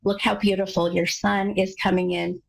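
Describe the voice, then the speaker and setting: An American woman hosts a live call-in psychic reading, gushing over the caller and piling up fillers and restarts. Her voice is heavily gravelly, with a husky edge to it. Her pitch sits in the middle range for a woman. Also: level tone, normal speed, low-quality recording. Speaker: radio psychic medium host.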